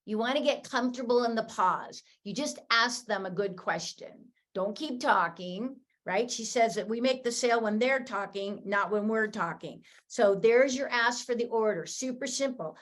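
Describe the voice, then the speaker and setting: Woman, fairly high voice, energetic coaching, speaks straight to the audience. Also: normal speed, few pauses. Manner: upbeat, encouraging, speaks to the audience directly. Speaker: host of a sales training call.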